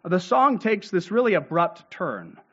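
A man's voice: sits high, sing-song, measured pace, a bit bright, breathy edge, lo-fi sound. A man giving an expository sermon, explaining scripture with frequent "uh" and "right?" asides. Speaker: pastor.

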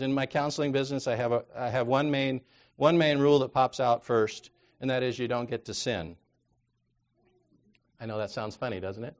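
Man, preacher, sermon, mid-pitched voice, chatty asides, loud emphatic peaks. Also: fairly quick. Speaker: counselor.

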